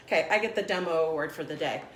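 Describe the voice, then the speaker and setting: A woman's voice: low voice, distant mic. A woman fitness coach leading a live home workout, chatty and encouraging, sometimes apologizing for technical trouble. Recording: echoey home room with faint background noise.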